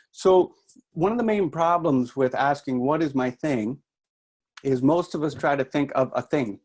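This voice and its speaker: A man's voice: mid-range voice, a little mellow. A middle-aged man from New Brunswick with a mixed Canadian-Irish accent, giving a chatty, self-deprecating workshop talk to an audience. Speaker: workshop speaker.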